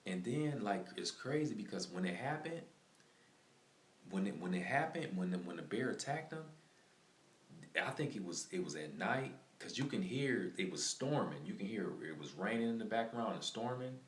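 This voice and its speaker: A man's voice: lowish voice, animated, moderate pace. A man live streaming, telling a story in a casual, rambling way, repeating himself and filling his talk with "like" and "man.". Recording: echoey room with faint ambient noise.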